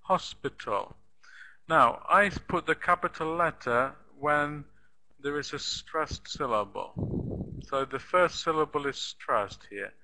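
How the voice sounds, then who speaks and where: A man giving an English lesson at a very unhurried pace, repeating words and sounding them out. His voice is a little higher than most men's and very bright and crisp. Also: low-quality recording. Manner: slow, patient, repeats and spells out words. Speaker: English teacher.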